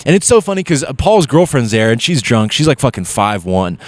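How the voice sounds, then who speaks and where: A man's voice: medium pitch, fairly quick, no echo. A man, a guest comedian, telling casual comic stories with lots of swearing and acted-out quotes. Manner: animated, profane, acts out quotes.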